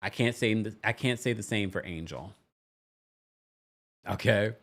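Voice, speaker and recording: Recapping a reality show on a casual live stream, this man keeps things chatty and playful, reading viewers' comments aloud and slipping into brief quoted voices. His pitch sits fairly low, with a rather bright tone.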